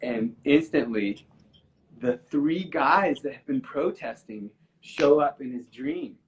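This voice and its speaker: A man's voice: mid-range voice, slow pace, lo-fi sound, slight background noise. A man chatting on a live stream, telling a story earnestly and emotionally, with many restarts. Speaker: musician guest on a live stream. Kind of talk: casual storytelling chat.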